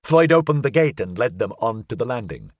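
A male narrator reading a novel with measured, expressive delivery and wide, lively swings in pitch. The sound is close and dry, with no room around it. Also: dry recording. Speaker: audiobook narrator. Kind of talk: scripted narration.

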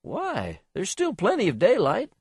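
A man's voice: high-pitched, huge pitch swings, measured pace, a little mellow, husky, dry recording, studio quality, voice pushed up, exaggerated voice. A man voicing a stubborn, impatient caravan owner in an audiobook, pushy and petulant. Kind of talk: audiobook character voice.

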